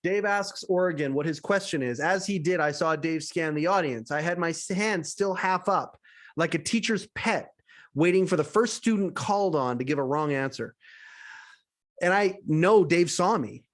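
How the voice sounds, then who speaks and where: Chuckling man, slightly high voice. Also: normal speed. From Canada. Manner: chuckles often between sentences and gets emotional. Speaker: podcast host. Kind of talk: reading aloud his own written story.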